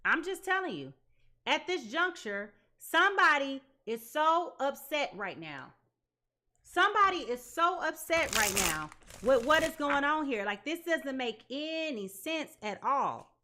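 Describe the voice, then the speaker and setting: A woman giving a live tarot reading to her viewers, talking in an animated, dramatic way. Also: high-pitched, a little slow, slight background noise. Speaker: tarot reader.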